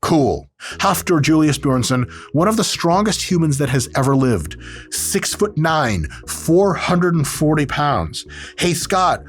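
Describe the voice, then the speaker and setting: A man's voice: a little high, very animated, unhurried, faint music behind. A man hosting a casual comedic video commentary as an exercise scientist, sarcastic, joking and swearing freely.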